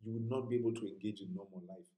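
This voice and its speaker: Preacher, male, earnest and conversational, low mellow voice, echoey room. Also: fairly even intonation, rapid-fire. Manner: earnest, conversational, dropping to a hushed whisper at times. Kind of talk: sermon.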